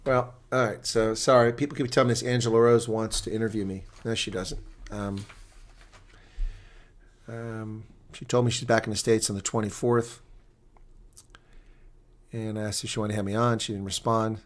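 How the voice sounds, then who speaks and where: A man's voice: on the low side, level tone, moderate pace, long pauses. A man chatting casually on a live stream, rambling between viewer comments and rugby talk.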